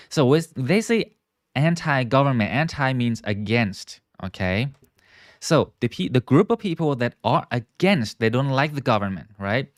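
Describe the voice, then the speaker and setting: A man teaching English in a live online lesson, explaining words slowly, stretching key terms and often checking in with viewers. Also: medium pitch, sing-song, dry recording, studio quality. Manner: models pronunciation and asks viewers to repeat.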